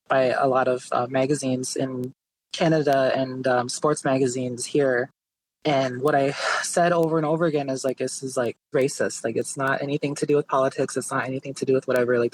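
A man's voice: medium pitch, poor audio. A man, an artist and interview guest, telling his story casually with lots of "like" and "you know". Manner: relaxed, many fillers like "like" and "you know".

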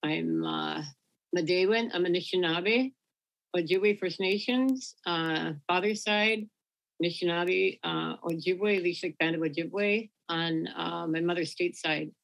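An older woman speaking gently as an interview guest. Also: fairly low pitch, a little slow, gravelly, rough recording. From Minnesota. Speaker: guest elder and storyteller. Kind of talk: interview conversation.

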